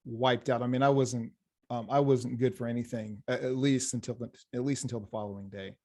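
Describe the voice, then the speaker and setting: A man, a hypnotherapist, chatting in an interview and telling lively stories about his clients, acting out the dialogue and often restarting his sentences. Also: mid-range voice, a little fast. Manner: animated storyteller, acts out quoted dialogue, frequent restarts. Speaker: hypnotherapist, program graduate.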